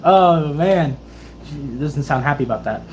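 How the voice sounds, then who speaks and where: A woman's voice: deep voice, unhurried, a little hiss or hum, poor audio. A woman in her twenties, a Navy sailor, chatting casually on a livestream Q&A and telling stories with lots of laughter. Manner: animated, laughing storyteller.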